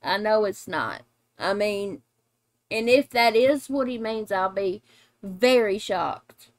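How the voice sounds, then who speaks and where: A middle-aged mother hosting a casual reaction video, blunt and animated and quick to laugh. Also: medium pitch, no room sound. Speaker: reaction channel host, mother.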